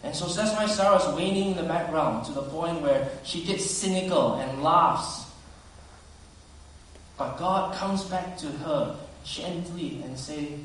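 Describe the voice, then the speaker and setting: A man preaching a sermon earnestly, swinging between loud emphasis and soft, hushed asides. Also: on the high side, unhurried, a little hiss or hum. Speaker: pastor. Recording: very echoey hall, speaker far from mic.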